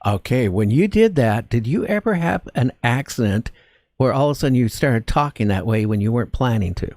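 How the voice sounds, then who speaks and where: A man hosting a talk radio interview, asking halting questions with repeated words. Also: mid-range voice, lively intonation, a little mellow, no echo, clean studio sound.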